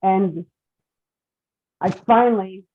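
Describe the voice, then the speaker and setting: Heartfelt woman in her forties, author on a group call, mid-pitched, thin phone-like audio. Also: slow pace. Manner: earnest, heartfelt storytelling. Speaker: children's book author. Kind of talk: casual chat on a group call. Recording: phone-like narrow sound.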